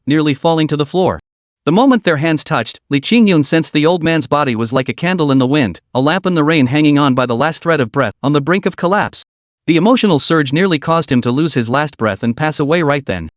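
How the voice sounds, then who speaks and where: Animated male story narrator. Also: on the high side, fairly quick, no echo, clean studio sound. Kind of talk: scripted story recap narration.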